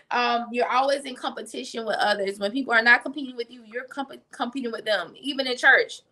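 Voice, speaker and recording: A woman giving a conversational faith talk, animated, with slang asides and quick restarts. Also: on the high side. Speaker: faith teacher. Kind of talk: conversational preaching.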